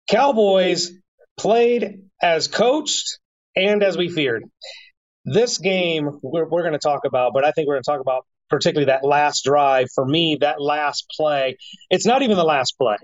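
A man co-hosting a sports podcast, delivering deliberate, punchy one-liners. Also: a little high, no room sound, muffled recording. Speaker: podcast co-host. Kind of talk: casual sports talk.

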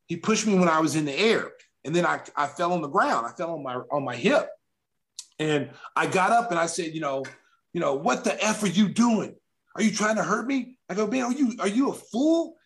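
Animated storytelling man from Oklahoma. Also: a little high. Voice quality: animated storyteller who acts out quotes. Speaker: guest, former basketball player. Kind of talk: casual anecdote telling.

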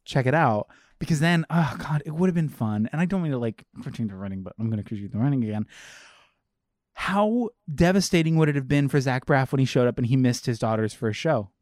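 A young man co-hosting a podcast in casual chat, animated, swearing freely and acting out quotes from a movie. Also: mid-range voice, quick pace, dry recording, studio quality. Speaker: podcast co-host.

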